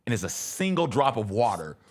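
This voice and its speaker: A man's voice: mid-range voice, a little fast. A man co-hosting a radio show, telling a story in casual chat with restarts. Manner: lively, animated, with frequent restarts and laughs.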